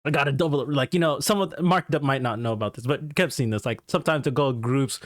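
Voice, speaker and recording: A young man hosting a podcast, telling stories in an animated, laughing, foul-mouthed way. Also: medium pitch, fast, dry recording, clean studio sound. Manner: animated, laughing, swears a lot. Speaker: podcast host. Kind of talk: casual podcast storytelling.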